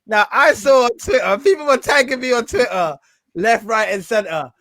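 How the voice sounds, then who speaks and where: A man hosting a casual wrestling podcast, animated and laughing easily. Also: very high-pitched, normal speed, no echo. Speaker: podcast host.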